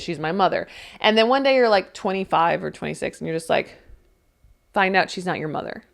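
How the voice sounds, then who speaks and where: A young woman talks through an astrology forecast in a loose, chatty way, leaning on "like" and "okay". Her voice sits at an ordinary middle pitch, and she gets emotional and close to tears. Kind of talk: casual astrology reading.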